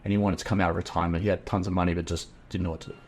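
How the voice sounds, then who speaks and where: A middle-aged Australian man sits in as a podcast guest and tells a long story in a casual, animated way. His voice sits fairly low, and he slips into the voices of the people he quotes. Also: rapid-fire, slight background noise. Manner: animated, acts out quoted dialogue.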